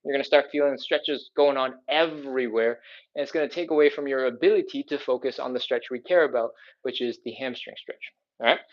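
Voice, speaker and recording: A man's voice: mid-range voice, brisk, highs cut off. A man leading a live stretching class, coaching upbeat and checking in with "all right?" as he explains each move. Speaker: fitness instructor.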